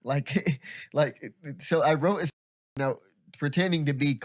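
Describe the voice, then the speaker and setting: A man's voice: on the high side, a little slow, no echo, studio quality. A young man hosting a podcast, telling stories in casual chat, rambling with lots of laughs and swearing. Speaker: podcast host.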